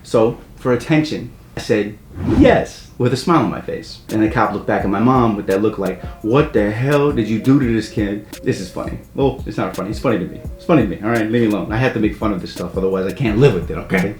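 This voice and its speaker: A man casually telling a story from his own life, rambling with wry asides and loudly acting out the voices of the people in it. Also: fairly low pitch, quick pace, few pauses. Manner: rambling, wry asides, loud acted quotes. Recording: echoey room, faint music.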